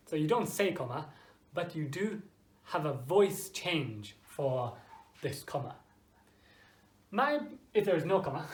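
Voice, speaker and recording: An English teacher giving an online grammar lesson to Japanese learners, speaking simple, slow English, often checking with "okay?" and exaggerating intonation to demonstrate. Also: medium pitch, lively intonation. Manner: frequent checking "okay?" with students; drops in short Japanese phrases. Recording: echoey room.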